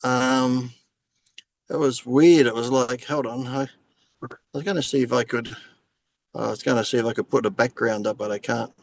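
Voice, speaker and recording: A man's voice: mid-range voice, fairly even intonation, normal speed, vocal fry, long pauses, no room sound. A man telling profane, laughing stories as a guest in a casual podcast chat over a video call. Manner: profane storyteller, laughs between phrases.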